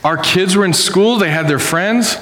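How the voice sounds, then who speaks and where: A man in his thirties preaching a sermon to a congregation in a casual, animated storytelling way. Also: high-pitched, normal speed. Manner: animated storytelling, acting out voices. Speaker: pastor. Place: church hall. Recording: echoey hall with long reverb.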